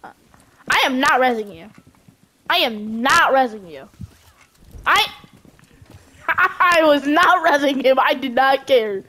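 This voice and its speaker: Young woman gamer yelling at her team, high voice that jumps all over. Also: slow, pauses often. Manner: excitable, yelling at teammates, laughing. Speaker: gamer streamer. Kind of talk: casual gameplay chatter.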